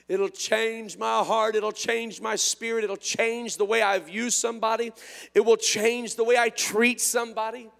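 A man preaching an impassioned sermon, swinging between hushed tones and shouts, his voice strained. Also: sits high, gravelly. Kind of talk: revival sermon. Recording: reverberant hall sound.

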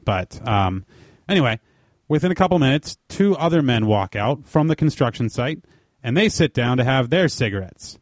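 A man co-hosting a podcast, telling a story in a casual, animated way with plenty of swearing. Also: mid-range voice, moderate pace, no room sound. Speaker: podcast co-host.

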